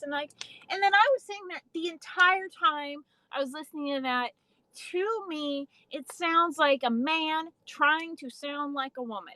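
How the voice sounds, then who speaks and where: A woman's voice: high voice, animated, measured pace, bright, forceful tone, dry recording, poor audio. A young adult woman casually chatting on a livestream, swearing freely and answering viewers' comments. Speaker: livestream host.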